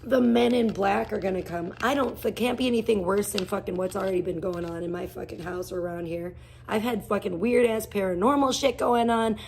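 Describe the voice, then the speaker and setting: A woman streaming live, her voice husky with a breathy edge. She rants bluntly and profanely, rambling from one grievance to the next. Now and then she breaks off to greet viewers in chat. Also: mid-range voice. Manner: greets chat viewers by name mid-rant. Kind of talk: casual ranting livestream chat.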